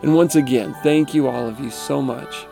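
A man's voice: medium pitch, normal speed, vocal fry, over loud music. A man hosting a podcast, retelling a story and musing on it in a reflective way with frequent fillers. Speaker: podcast host.

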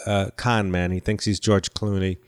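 A man's voice: low-pitched, little pitch movement, normal speed, clear, resonant tone. An older man, an actor and comedian, chatting as a guest in an interview, rambling and self-deprecating with many restarts. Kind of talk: casual interview chat.

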